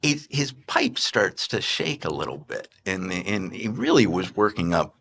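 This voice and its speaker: A man in his sixties, telling stories as an interview guest, animated, often laughing and restarting his sentences. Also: sits low, measured pace. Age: 60s. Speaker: investment manager and podcast guest. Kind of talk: anecdotal interview storytelling.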